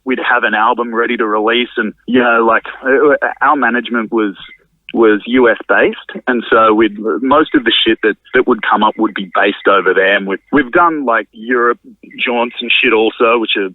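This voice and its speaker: A man's voice: medium pitch, fairly even intonation, moderate pace, dry recording. A man, a drummer and venue owner, chatting casually as a podcast guest, rambling and swearing freely. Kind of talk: casual conversational interview. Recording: narrow phone-like sound, dry.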